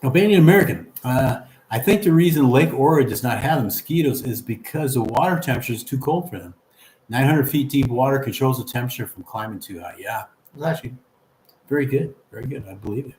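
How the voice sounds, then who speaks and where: A man's voice: medium pitch, expressive, fast talker, darkish tone, roomy sound, slight background noise. A man hosting a casual livestream, reading viewer comments aloud and chatting back in an encouraging, easygoing way.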